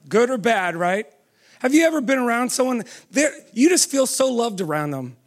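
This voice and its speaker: Preaching in a very high-pitched voice with big pitch swings, a man keeps questioning the crowd and urging "come on." His speed alternates between quick stretches and slow, lengthened words.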